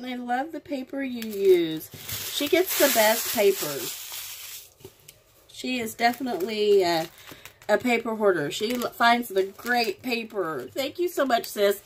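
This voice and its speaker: Gushing slow-talking woman crafter. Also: fairly high pitch, slight background noise. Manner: gushing, affectionate, slow and drawn-out. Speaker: crafting vlogger. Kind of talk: casual unboxing chat.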